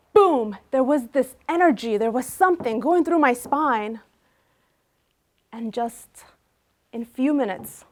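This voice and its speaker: Woman in her 30s telling her own story, fairly high voice, lively, acts out the quotes. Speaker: chiropractor. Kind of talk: personal storytelling.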